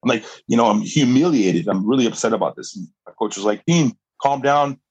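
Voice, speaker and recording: A man's voice: fairly low pitch, quick pace, a little mellow, slightly rough, dry recording, dull audio. A middle-aged man, a guest on a podcast, telling a story with energy, laughing often and restarting his sentences. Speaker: guest, jiu-jitsu fighter and coach.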